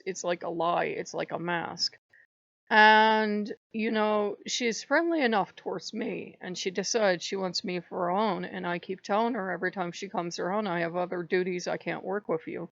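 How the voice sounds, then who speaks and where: A woman's voice: mid-range voice, normal speed, gravelly, a bit bright, no room sound. A middle-aged woman hosting her channel, telling a heated, exasperated story in a casual monologue. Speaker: channel host. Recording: dry, dull lo-fi recording.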